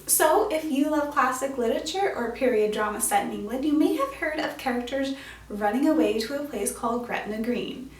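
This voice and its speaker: A bright, fairly high-voiced woman explains classic literature with bubbly enthusiasm and casual slang. She sounds a little distant from the mic, and the room adds a noticeable echo. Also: lively intonation, fairly quick. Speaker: host of a literature explainer show. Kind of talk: upbeat educational vlog talk.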